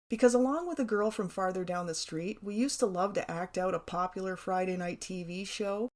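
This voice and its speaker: A middle-aged woman reading her own childhood memoir aloud, wry and playful. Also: mid-range voice. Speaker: memoir narrator.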